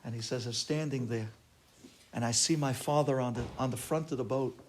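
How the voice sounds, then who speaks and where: A man, a rabbi, telling a story in an animated way, acting out the people in it with shouts and exclamations. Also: medium pitch, brisk, a little hiss or hum. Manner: acts out quoted voices, shouting and exclaiming.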